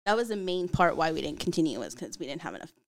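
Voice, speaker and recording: A woman's voice: sits low, fast. A woman guest on a podcast, chatting casually and animatedly acting out what her family says. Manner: animated storyteller, acts out quotes. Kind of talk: casual chat.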